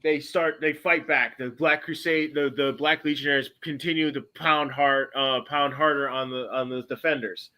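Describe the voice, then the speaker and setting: A man hosting a podcast, casually retelling a story in a rambling way, correcting himself often and breaking into bursts of excitement. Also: on the high side, normal speed, hardly any pauses. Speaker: podcast host.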